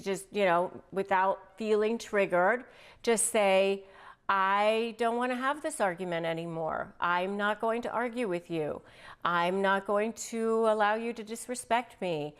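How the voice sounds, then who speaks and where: Animated woman giving advice to camera. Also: medium pitch. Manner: animated, acts out sample lines in quotes. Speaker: family law attorney and video host. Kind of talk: direct-to-camera advice talk.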